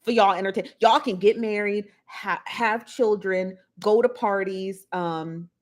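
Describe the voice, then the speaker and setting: A woman's voice: mid-range voice, fairly even intonation, measured pace. A woman hosting a casual celebrity gossip livestream, chatty and laughing often as she talks straight to her viewers. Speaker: livestream host.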